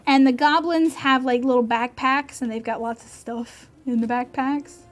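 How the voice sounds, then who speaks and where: High-voiced giggly woman running a tabletop game. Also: normal speed. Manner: giggly, animated, bursts into squeaky voices. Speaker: dungeon master.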